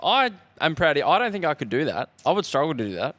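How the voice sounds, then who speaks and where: Man with a lively voice. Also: on the high side, quick pace, no echo. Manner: reactive, interjecting listener. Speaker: co-host. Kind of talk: casual podcast chat. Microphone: studio mic.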